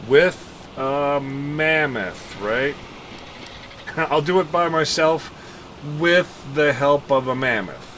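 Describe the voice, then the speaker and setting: Bright-voiced chatty man streaming a game. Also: on the high side, expressive, slow pace, long pauses, slight background noise. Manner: chatty, thinks out loud and counts aloud, laughs often, talks to viewers. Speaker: live streamer. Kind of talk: casual gameplay commentary.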